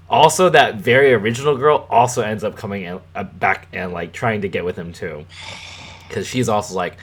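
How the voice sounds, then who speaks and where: A man's voice: on the low side, expressive, fairly quick, fairly bright tone, a little hiss or hum. Rambling, profane young man. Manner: rambling, profane, chuckling storyteller. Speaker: podcast host. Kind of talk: casual chat.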